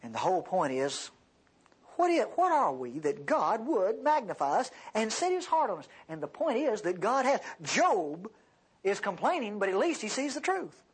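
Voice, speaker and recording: Male Bible teacher, husky and animated, pitch swinging widely as he acts out quotes for the class. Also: moderate pace. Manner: conversational, addresses the class directly.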